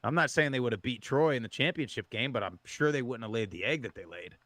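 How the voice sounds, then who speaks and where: A man's voice: medium pitch, lively intonation, quick pace, fairly bright tone, no room sound. A man co-hosting a sports podcast, talking in a rambling casual way with many restarts. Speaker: podcast co-host. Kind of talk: casual chat.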